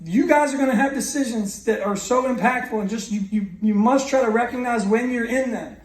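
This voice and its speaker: Guy in his 30s telling his life story at a school convocation, pretty high voice, echoey hall, sounds far from the mic. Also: a little fast. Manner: earnest personal storytelling with restarts. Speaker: guest speaker. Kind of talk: motivational convocation speech.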